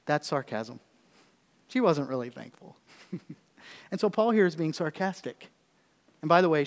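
High-voiced male preacher in a hall. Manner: expository, humorous asides, rhetorical questions. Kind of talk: sermon. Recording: echoey hall.

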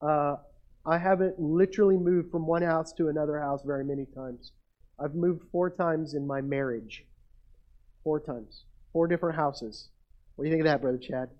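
A man's voice: a little high, steady tone, normal speed. A middle-aged man preaching a sermon from the pulpit, telling stories about himself with humor and building to emphatic peaks. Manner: storytelling, self-mocking, builds to emphatic peaks. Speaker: pastor. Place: church. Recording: muffled lo-fi sound.

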